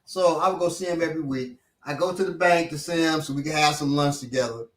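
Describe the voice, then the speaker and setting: A man telling lively street stories in casual chat, acting out the people in them. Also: on the high side, quick pace, echoey room, far from the mic. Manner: animated storyteller acting out voices. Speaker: instructor. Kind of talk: casual storytelling.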